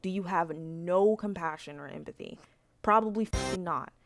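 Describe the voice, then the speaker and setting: Low-voiced woman ranting casually. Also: moderate pace, gravelly, music in the background. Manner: frank, profane, rambling with many fillers. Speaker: vlogger. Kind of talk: casual rant to camera.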